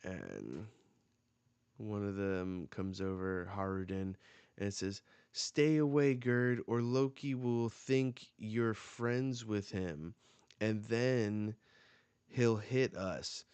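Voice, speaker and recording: A man's voice: on the low side, slow, darkish tone, clear, resonant tone, no room sound. A man hosting a live reaction, reading comic dialogue aloud and reacting as he goes. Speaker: manga reaction host.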